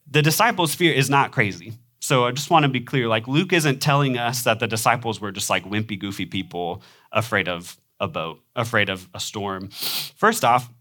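A man's voice: medium pitch, sharp tone. Nasal Midwestern man preaching. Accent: Midwestern American. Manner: conversational, with frequent ums and small laughs. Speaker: pastor. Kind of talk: sermon.

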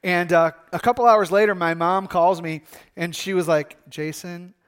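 A man's voice: high-pitched, steady tone, normal speed, clean tone. A middle-aged man from Michigan, a pastor preaching a sermon in a conversational, storytelling way with frequent fillers and restarts.

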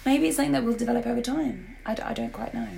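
A woman's voice: on the high side, rapid-fire, gravelly, mellow, slight background noise. A woman with a sore throat co-hosting a podcast, chatting casually and animatedly about TV shows. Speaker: podcast co-host. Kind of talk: casual chat.

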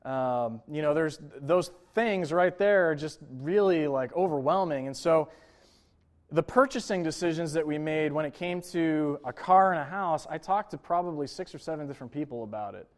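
High-voiced man preaching conversationally. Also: normal speed. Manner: conversational preaching with frequent "right?" and "you know" asides. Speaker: pastor. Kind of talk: sermon.

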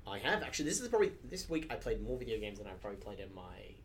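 A man's voice: lowish voice, sing-song, very fast, slight background noise. A man co-hosting a casual podcast chat, rambling and swearing freely, with lots of filler words. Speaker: podcast co-host.

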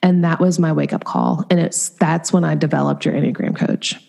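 A middle-aged woman, an Enneagram coach appearing as an interview guest, tells her story candidly and with animation, using lots of "um" and "like." Her voice is low with vocal fry, and she talks fairly quickly.

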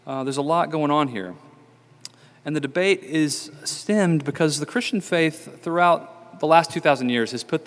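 A man's voice: fairly high pitch, lively intonation, normal speed. Male pastor, chatty sermon delivery, lots of ums, echoing church hall. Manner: conversational, many fillers and restarts. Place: church sanctuary.

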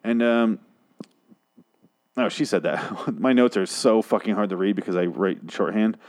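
A man's voice: on the low side, moderate pace, darkish tone. A man casually recapping a TV episode, rambling and swearing, mocking himself as he goes. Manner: profane, rambling, self-mocking. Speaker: show recapper.

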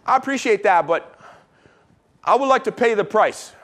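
A preacher playing a politely firm old patriarch. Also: male voice, sits high, animated, moderate pace, fairly bright tone, pitched above the performer's own voice. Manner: casual modern phrasing, politely firm. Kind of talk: comic retelling in a sermon.

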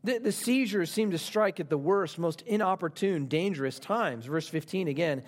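A middle-aged man preaching a sermon, stressing points by repeating phrases and slowing down on key lines. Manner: speaks slowly on key lines and rises in pitch for emphasis. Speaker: pastor.

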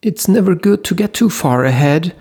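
A male narrator voicing a panicky man who squeals in a high, flustered voice. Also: expressive, moderate pace, darkish tone, slightly rough, exaggerated voice. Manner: shrill, flustered, jokey.

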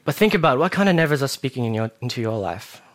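A young man preaching a casual sermon, telling self-mocking stories with animated asides. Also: mid-range voice, fast talker.

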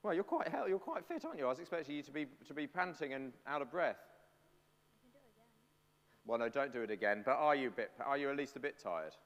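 A man's voice: medium pitch, very animated, fast, a bit bright, dull audio. A man leading a playful, chatty sermon and talking with the congregation. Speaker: preacher. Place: church. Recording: long church reverb.

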